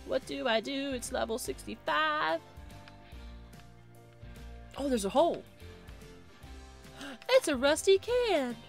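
Excitable high-voiced woman gaming streamer. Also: slow, creaky, long pauses, faint music behind. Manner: excitable, shrieks and repeats phrases when panicked. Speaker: streamer playing a game. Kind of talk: live gameplay commentary.

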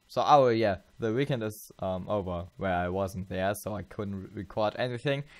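A tired man talks through his let's play, rambling and halting, full of fillers and restarts. His voice sits a little low and sounds smooth and clean. The sound is dry and close. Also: no room sound. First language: German. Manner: rambling, halting, many fillers and self-corrections. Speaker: gameplay channel host.

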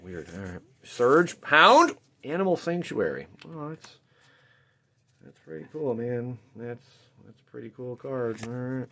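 A man hosting his channel, chatting casually while opening card packs, rambling and jokey with sudden excited outbursts. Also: medium pitch.

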